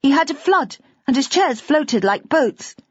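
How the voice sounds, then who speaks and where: A woman voicing a bright, forthright little girl with an eager, chattering child voice. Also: sits high, expressive, a little slow, dry recording, voice pushed up. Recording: dull, dry lo-fi audiobook recording.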